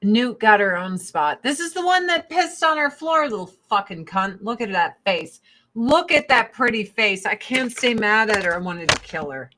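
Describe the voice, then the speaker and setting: A woman chats casually to her online audience, swearing freely and speaking bluntly. Between rants she drops into cooing baby talk for her cats. Her voice sits at an ordinary middle pitch. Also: lively intonation, normal speed, bright, forceful tone, a little hiss or hum. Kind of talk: casual livestream chat.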